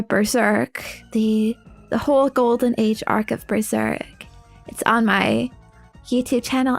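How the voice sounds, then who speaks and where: High, gravelly young woman streamer. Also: no room sound. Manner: rambling, loose, lots of "like" fillers and laughs. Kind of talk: casual chat while building a model kit.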